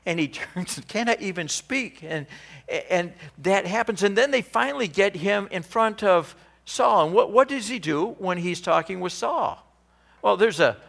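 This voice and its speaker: A male pastor preaches in an animated, conversational way, often restarting his sentences. His voice sits somewhat high and moves widely in pitch. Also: vocal fry. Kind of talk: sermon.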